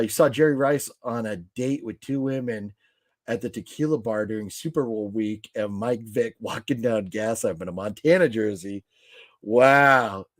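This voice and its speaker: Hosting a casual live stream, a man reads live chat and answers viewer comments loosely and ramblingly, with lots of fillers and restarts. His pitch is an ordinary middle. The sound is dry and close, with no room sound.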